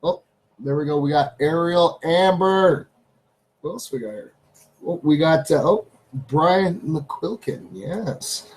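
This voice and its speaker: A man's voice: fairly high pitch, animated, takes it slowly, darkish tone, poor audio. Chatty Canadian man hosting a live stream. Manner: chatty, repeats phrases, talks to his pets. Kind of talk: casual live-stream chat. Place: home studio.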